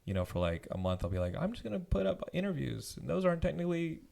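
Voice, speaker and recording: Rambling, excitable man guest. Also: on the high side, quick pace, creaky. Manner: rambling, enthusiastic, swears freely. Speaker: podcast guest. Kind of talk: casual chat.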